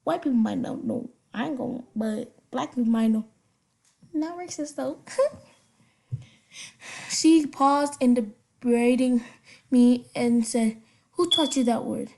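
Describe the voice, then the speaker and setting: A woman's voice: fairly high pitch, creaky, a little mellow. A young woman casually reading funny stories aloud, stumbling over words and breaking off with giggly asides. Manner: halting read-aloud with slips and giggly asides.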